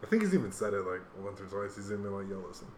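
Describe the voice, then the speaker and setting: A man co-hosting a casual podcast chat, slangy and animated, often acting out quotes in lively voices. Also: lowish voice, rapid-fire, slight background noise. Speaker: podcast co-host.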